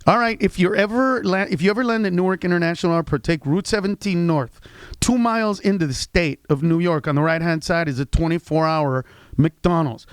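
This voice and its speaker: A comedian from Honduras, a man, telling animated stories as a guest on a radio show and jumping into loud impressions of the people he describes. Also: sits high, brisk, smooth, no room sound. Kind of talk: radio interview banter. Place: radio studio.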